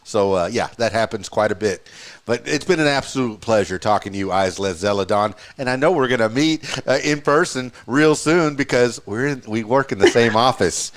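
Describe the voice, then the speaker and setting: A man's voice: medium pitch, moderate pace. A man from the Southern United States hosting a podcast, chatting in an easygoing way and laughing between remarks. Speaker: podcast host. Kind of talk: casual chat.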